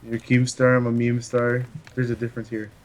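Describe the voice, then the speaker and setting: A man chatting casually as a guest on a livestream, talking in a hesitant, halting way. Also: medium pitch, completely flat delivery, low-quality recording. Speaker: stream guest. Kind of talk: casual chat on a call.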